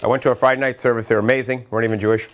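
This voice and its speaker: With a medium-pitched voice, a middle-aged man from Massachusetts gives educators a lively training talk at a workshop. He spins stories in fast bursts, keeps interrupting himself, acts out what people said and even bursts into chanting.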